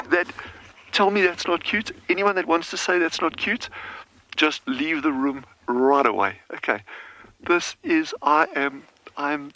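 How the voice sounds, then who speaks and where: A man guiding a live safari drive outdoors, his voice bright and ringing with a touch of lift in pitch. He talks unhurriedly, in gushing, exclamatory bursts of delight. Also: no room sound, low-quality recording. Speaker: safari field guide. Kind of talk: live safari broadcast commentary.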